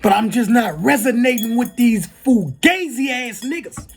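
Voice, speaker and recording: Ranting angrily and profanely at viewers, this video creator swings from shouts to mutters, keeps checking "you heard me" and "you feel me," and breaks off to apologize between outbursts. The voice is medium-pitched and lively in intonation, at a moderate pace, with a breathy edge and faint music in the background.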